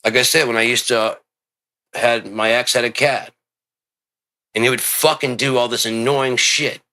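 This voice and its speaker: A man delivering a rambling, profane monologue, swearing constantly and breaking into loud outbursts. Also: mid-range voice, little pitch movement, normal speed. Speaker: show host.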